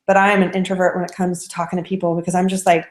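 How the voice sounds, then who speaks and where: A woman giving a casual training talk, acting out her conversations with lively storytelling. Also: fairly low pitch, very fast. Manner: animated storyteller acting out dialogue. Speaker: network marketing trainer. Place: living room. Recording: echoey room.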